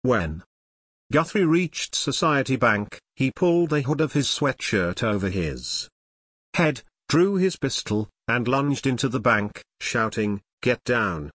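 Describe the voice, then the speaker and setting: A man reading scripted true-crime narration in a measured, expressive storytelling manner. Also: medium pitch, breathy edge, no room sound, studio quality.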